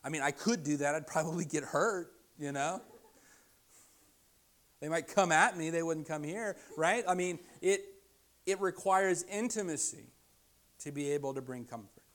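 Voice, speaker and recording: A middle-aged man, a pastor, preaching a sermon, dropping to a hushed softness for quoted invitations and rising loud at his most emphatic points. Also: on the high side, moderate pace.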